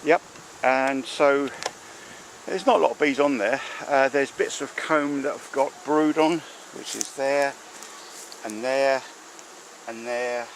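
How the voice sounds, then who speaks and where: A male beekeeper takes it slowly, speaking at medium pitch as he rambles casually with many fillers beside a beehive outside. The camera audio, handheld or mounted, is poor, with slight background noise and clearly audible buzzing bees.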